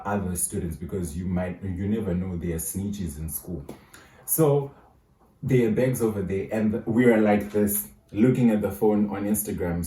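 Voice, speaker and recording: A young man telling a high school story casually, restarting and correcting himself as he goes. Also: warm tone. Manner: rambling, self-correcting storytelling. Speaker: vlogger. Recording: roomy echo, mic at a distance.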